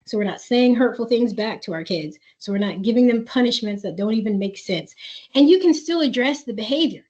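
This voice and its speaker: A woman's voice: fairly high pitch, animated, a little fast. Woman coaching parents on a webinar, um-filled chatty answers, muffled lo-fi call audio. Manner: reads parent questions aloud, then coaches warmly with filler words. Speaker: webinar presenter. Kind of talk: live webinar Q&A.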